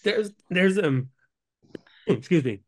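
A man's voice: high voice, expressive, takes it slowly, dry recording, studio quality. A man co-hosting a podcast in casual chat, rambling and hesitant as he talks. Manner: rambling, hesitant, many fillers and restarts. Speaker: podcast co-host.

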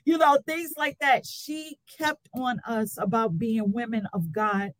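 A woman guest on a casual live-stream chat, telling stories warmly and from the heart. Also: on the high side, unhurried, no room sound, low-quality recording. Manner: warm, storytelling, heartfelt.

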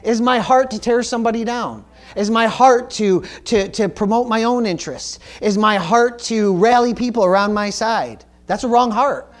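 A man's voice: high-pitched, normal speed, few pauses. A male pastor preaching a sermon, earnest and emphatic, often repeating words and asking the congregation "Amen?". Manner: calls for audience responses like "Amen?".

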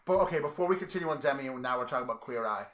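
A man co-hosting a podcast in casual chat, gushing and swearing freely and getting loud when excited. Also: medium pitch, rapid-fire. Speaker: podcast co-host. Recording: roomy echo.

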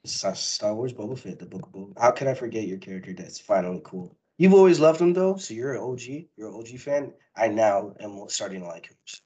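A man co-hosting a casual pop-culture podcast, talking excitedly and rambling with frequent laughs. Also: lowish voice, brisk, few pauses, husky, poor audio. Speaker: podcast co-host. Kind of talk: casual chat.

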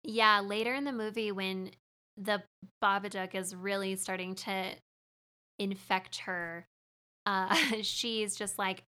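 A woman's voice: medium pitch, fairly even intonation, takes it slowly, bright, forceful tone, clear, resonant tone. A young woman talking casually about a movie, chatty, laughing often and acting out lines.

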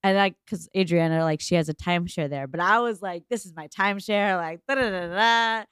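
A young woman co-hosting a casual podcast chat, telling a story with acted-out quotes, big pitch jumps and frequent swearing. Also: a little fast, noisy background. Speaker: podcast co-host.

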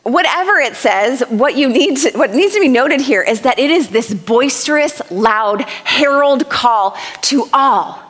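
A woman's voice: sits high, animated, unhurried, few pauses, a bit bright, long reverb tail. A young adult woman preaching a sermon in a church, earnest and conversational, reading scripture aloud. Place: church auditorium.

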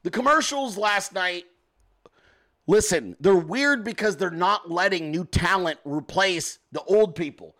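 Crude, high-voiced man in a mocking rant. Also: measured pace, fairly bright tone. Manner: acts out mocking voices of others. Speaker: podcast host. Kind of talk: profane comedic rant.

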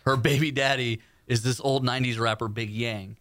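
A man co-hosting a podcast, telling stories in a casual, animated way and breaking into loud impressions. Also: medium pitch, moderate pace. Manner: animated storyteller, does loud shouting impressions. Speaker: podcast co-host. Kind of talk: casual chat.

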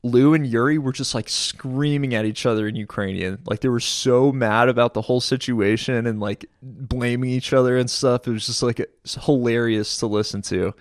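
A young man telling a war story in casual chat, animated, laughing often and saying "dude" a lot. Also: mid-range voice, no room sound, studio quality. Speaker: guest, former soldier.

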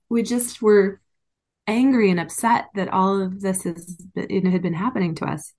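A woman's voice: medium pitch, fairly even intonation, moderate pace, darkish tone. Candid woman telling her story. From United States. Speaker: interview guest. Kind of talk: personal story in an interview.

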